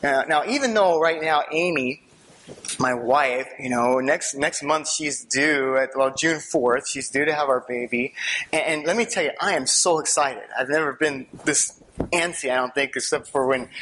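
Speaking to an audience, a man shares a personal testimony with animated storytelling. He laughs and swings between hushed asides and excited outbursts, and his voice sits a little high.

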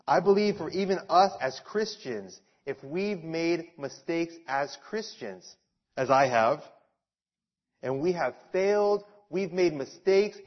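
A man delivers a sermon in a lively storytelling way, leaning on repetition to drive his points home. His voice sits a little high for a man. The recording is dull and lo-fi. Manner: animated storytelling, repeats key phrases. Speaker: pastor. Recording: dull lo-fi sound.

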